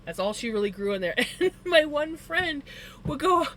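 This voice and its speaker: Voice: sits high, very animated, normal speed, fairly bright tone, a little hiss or hum. A live streamer chatting casually with viewers, telling rambling personal stories full of "like" fillers and stating preferences emphatically. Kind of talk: casual chat to a live audience.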